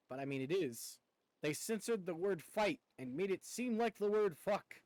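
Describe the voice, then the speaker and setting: A male streamer talks through his game in loose, rambling commentary, tripping over his words and mocking himself. His voice sits high and swings widely in pitch. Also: lively intonation, moderate pace, dry recording. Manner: rambling, stammering, self-mocking. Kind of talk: casual gameplay commentary.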